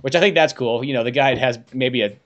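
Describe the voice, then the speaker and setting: A man's voice: medium pitch, fast talker, fairly bright tone, dull audio. A man hosting a podcast in casual chat, rambling, joking and swearing freely. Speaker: podcast host.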